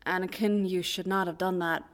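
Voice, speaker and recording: A weary, stern woman Jedi master, played by a woman narrator, clipped and reproachful. Her words come measured and grave in an audiobook reading. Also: fairly low pitch, steady tone, lightly acted. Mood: gentle, grave. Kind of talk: audiobook reading of fan fiction.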